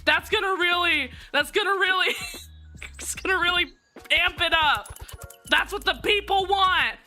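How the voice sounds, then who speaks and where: High, bright-voiced young woman streamer. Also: measured pace. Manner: swears freely and rants sarcastically between muttered self-talk; bursts into loud laughing outcries. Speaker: streamer playing a game. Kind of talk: live gameplay commentary. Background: faint background music.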